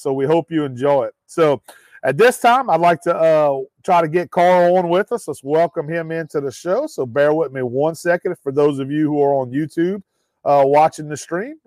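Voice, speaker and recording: A man's voice: fairly high pitch, a little mellow, dry recording. A man hosting a casual podcast in a folksy way, with lots of "uh" fillers, and calling his listeners guys. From Louisiana. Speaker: podcast host.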